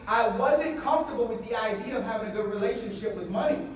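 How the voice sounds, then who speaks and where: A man giving a motivational seminar talk to a live audience, animated, repeating phrases and getting the crowd to answer back. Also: very high voice, fast. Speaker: motivational speaker. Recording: echoey hall, voice from a distance.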